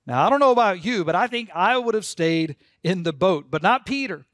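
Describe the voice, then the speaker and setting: A man's voice: high-pitched, expressive, fairly quick, few pauses, a bit bright, no room sound, studio quality. A man preaching a sermon as pastor, earnest and leading the congregation to repeat words aloud. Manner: earnest, leads congregation in call-and-response.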